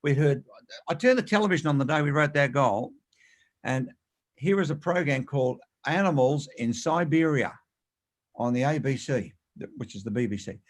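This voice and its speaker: A man, an author and speaker, telling animated anecdotes in an interview with quick, emphatic delivery. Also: medium pitch. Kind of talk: storytelling interview.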